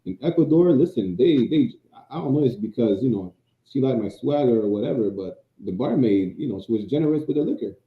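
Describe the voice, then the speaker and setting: A man's voice: medium pitch, expressive, brisk. A man telling a story emphatically in a casual chat. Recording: tinny phone-like line in an echoey room.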